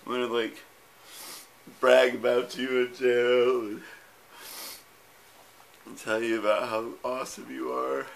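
Gravelly tearful man's video message. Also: mid-range voice, flat delivery, takes it slowly, pauses often. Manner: rambling, tender, with loose fillers and swearing. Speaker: husband saying goodbye. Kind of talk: personal video message to camera. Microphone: self-recorded camera.

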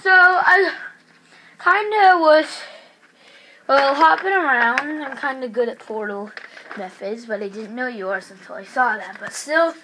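A woman telling a plush toy story in a rambling, excitable way, full of fillers and sudden shrieks. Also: unhurried, slight background noise. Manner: excitable, breaks into shrill screams.

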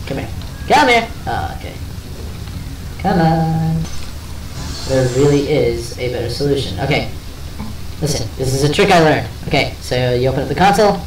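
Cursing gamer, echoey and distant. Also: male voice, medium pitch, expressive, moderate pace, long pauses, noisy background. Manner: frantic cursing and groaning while playing. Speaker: gameplay commentator. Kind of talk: let's play commentary.

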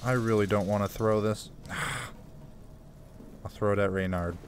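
A man's voice: fairly low pitch, fairly even intonation, measured pace, slight background noise. A man playing a survival horror game and commenting casually, chatty and jumpy, laughing nervously at the scares. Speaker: gaming YouTuber. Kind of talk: let's play commentary.

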